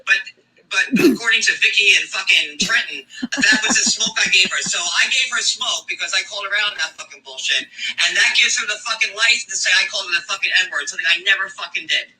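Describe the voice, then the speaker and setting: A man's voice: high-pitched, fast, bright, forceful tone. A man on a live stream, ranting angrily and mockingly, swearing nonstop and repeating lines for emphasis. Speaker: reality show commentator. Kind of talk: profane angry rant on a live stream. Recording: played-back clip from a distance.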